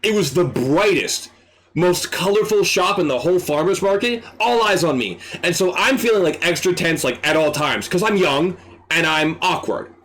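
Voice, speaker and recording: A young man telling a retail story in a casual, animated way, swearing freely and acting out the people in it. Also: high-pitched, moderate pace. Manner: animated, excitable, swears freely, acts out quotes. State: dry throat. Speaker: streamer.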